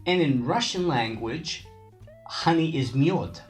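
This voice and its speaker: A man's voice: a little high, animated, slow, faint music behind. A man from Canada chatting as a guest taster, often hesitating and restarting his sentences. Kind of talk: casual chat.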